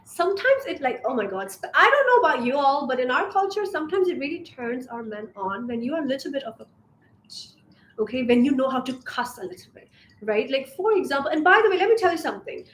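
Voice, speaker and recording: A woman's voice: high-pitched, very animated, fast talker, fairly bright tone. A young woman from Asia, coaching on femininity in a casual vlog monologue, sassy and emphatic, swearing freely. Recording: roomy echo, faint background hiss.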